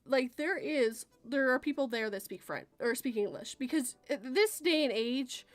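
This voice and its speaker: A woman's voice: high voice, animated, moderate pace, no room sound. Chatty Canadian woman hosting a podcast. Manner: rambling, self-correcting, laughs often. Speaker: podcast host. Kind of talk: casual chat.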